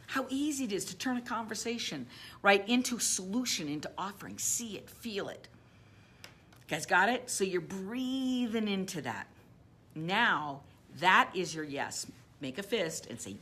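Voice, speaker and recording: A woman business coach giving an emphatic motivational talk, repeating phrases and easing into a soft guided visualization. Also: mid-range voice, lively intonation, a little slow, slight background noise.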